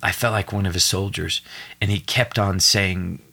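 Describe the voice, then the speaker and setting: A young adult man, a podcast guest, retelling a personal story with earnest, animated emotion and acted-out quotes. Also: low-pitched, normal speed, gravelly.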